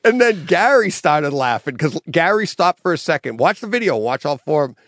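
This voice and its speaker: An energetic man telling stories in a casual chat, laughing often. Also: fairly high pitch, a little fast, no echo.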